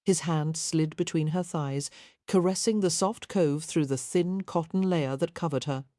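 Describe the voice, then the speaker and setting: A woman narrating a historical romance audiobook in a soft, measured storytelling manner. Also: low voice, no room sound, studio quality. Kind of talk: scripted narration.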